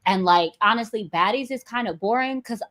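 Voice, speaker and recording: A woman's voice: on the high side, fairly quick, fairly bright tone. A bubbly woman calling in to a casual chat, laughing as she talks. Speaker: caller.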